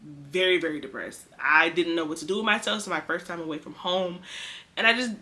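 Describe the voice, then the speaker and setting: A young woman from the Bay Area casually telling a personal testimony, chatty and animated, acting out what people said. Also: fairly low pitch, fairly quick. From San Francisco Bay Area. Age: young adult. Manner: chatty, animated, acts out quoted speech. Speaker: vlogger sharing a testimony.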